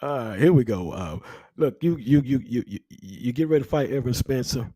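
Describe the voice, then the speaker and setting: A man hosting a casual interview show, relaxed and repeating words as he searches for his questions. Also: mid-range voice, moderate pace, dry recording. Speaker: show host.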